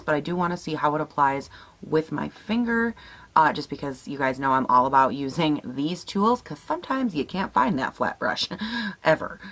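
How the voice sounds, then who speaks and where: A young woman with a raspy morning voice, chatting casually as she tests makeup, swearing now and then and laughing at herself. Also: low voice, a bit bright. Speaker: beauty vlogger. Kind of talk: casual makeup tutorial chat.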